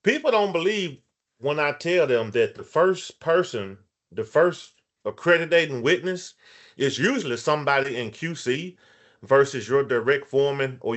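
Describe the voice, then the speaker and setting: A man's voice: medium pitch, a bit bright. A man hosting a casual podcast interview, who speaks emphatically and stumbles over restarts. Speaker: podcast host.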